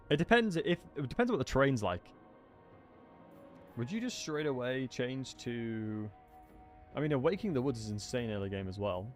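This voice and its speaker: A relaxed English man with a non-southern accent commentates on a live game stream in a loose, chatty way. His pitch sits in a middling range, and steady music plays behind him. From England. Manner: chatty, greets chat viewers by name. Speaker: gaming livestreamer.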